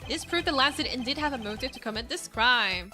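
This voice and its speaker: A woman's voice: high voice, expressive, sharp tone, soft background music. A woman voicing a cool, cutting male investigator. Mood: accusing. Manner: measured, confrontational.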